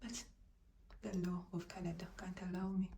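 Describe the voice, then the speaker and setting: A woman telling a dramatic storytime vlog to her viewers, talking into a handheld phone in a lively, animated way. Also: fairly low pitch, moderate pace, vocal fry, distant mic. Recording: roomy echo, voice off-mic, faint background noise.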